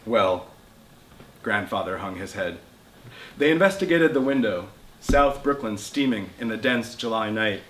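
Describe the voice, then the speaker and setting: A man, the author, reading his novel aloud in measured narration at a bookshop. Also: lowish voice, expressive, fairly bright tone. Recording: roomy bookshop with faint noise.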